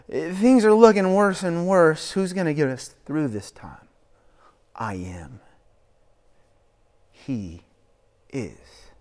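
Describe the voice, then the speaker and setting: A man in his thirties preaching a sermon as a pastor, animated, swinging between hushed and loud delivery. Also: medium pitch. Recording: long reverb of a large hall.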